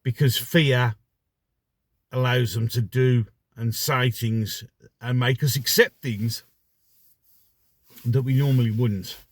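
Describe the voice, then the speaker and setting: A man's voice: medium pitch, fairly even intonation, slow pace, long pauses, no echo. Sarcastic man ranting. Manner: sarcastic, mocking, rhetorical questions. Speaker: vlogger. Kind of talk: ranting commentary.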